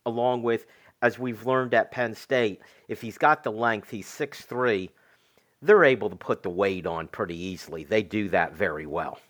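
A man with a somewhat low voice co-hosts a casual sports talk show. He speaks in a measured way, summing up and adding to his partner's points about a recruit. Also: a bit bright.

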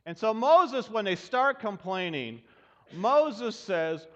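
A male pastor preaching a sermon in a church, in an animated, folksy and humorous way. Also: sits high, slow pace. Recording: dull sound with long hall reverb.

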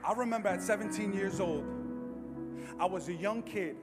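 High-voiced man preaching in a reverberant hall. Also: normal speed, crowd noise. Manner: emphatic, animated preaching, acts out quotes. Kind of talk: sermon. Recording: long hall reverb with music behind.

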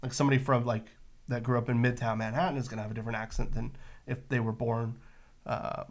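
A man with a Bay Area accent, chatting as co-host of a casual podcast. He explains things in a loose, rambling way, full of "uh" and "like". His pitch sits in an ordinary middle range for a man. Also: flat delivery, fast. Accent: San Francisco Bay Area. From San Francisco Bay Area. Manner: rambling, explains with many fillers and restarts. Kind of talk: casual chat.

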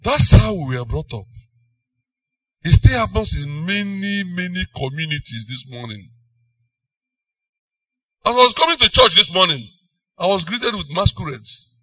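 Bright-voiced Nigerian man preaching. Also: high-pitched, dry recording, far from the mic. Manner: emphatic, with sudden swings between loud and soft. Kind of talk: sermon.

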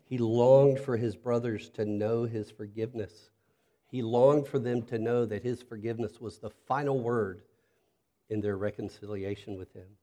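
A man preaching a sermon as pastor, earnest and reflective, dropping to a soft, intimate tone when he speaks directly to listeners. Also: mid-range voice, steady tone, moderate pace.

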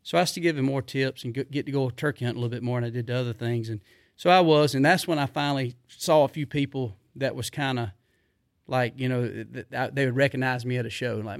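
A middle-aged man, telling rambling stories in a casual, animated way, full of fillers. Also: medium pitch, quick pace, no room sound, studio quality. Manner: rambling, animated, drawling Southern speech with repeated fillers. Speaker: podcast guest. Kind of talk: casual storytelling.

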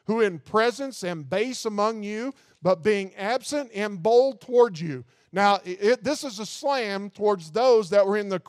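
A man delivering a sermon in a high, smooth and clear voice, recorded dry and close. He preaches earnestly and with emphasis, stumbling over repeated words as he builds his points. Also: no echo. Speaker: pastor.

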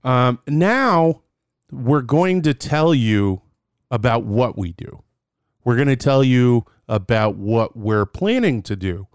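Young man, podcast co-host, playful and rambling, smooth clear voice, dry close sound. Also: mid-range voice, lively intonation, slow pace, no room sound. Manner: playful, rambling, restarts a lot. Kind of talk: casual podcast chat.

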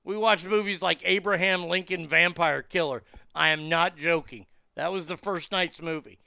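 A man telling a profane, animated story in casual chat, with lots of fillers and restarts. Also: fairly high pitch, normal speed, creaky, clean tone, no room sound, clean studio sound. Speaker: comedian and podcast guest.

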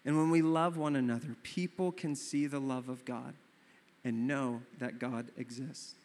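A young adult man preaching a sermon as pastor, telling stories in an animated way and acting out his own surprise. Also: mid-range voice, measured pace. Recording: long reverb of a hall.

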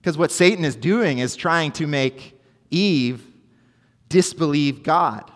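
A fairly high-voiced man preaches earnestly to his congregation, driving points home with repetition. His words ring out with a long hall reverb. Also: expressive, slow pace, fairly bright tone. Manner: earnest, emphatic preaching with repeated phrases. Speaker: pastor. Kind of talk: sermon.

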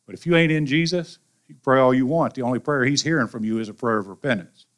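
A man's voice: medium pitch, quick pace. Folksy Southern man preaching. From American South. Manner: folksy, animated preaching with colloquial asides. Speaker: pastor. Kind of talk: sermon.

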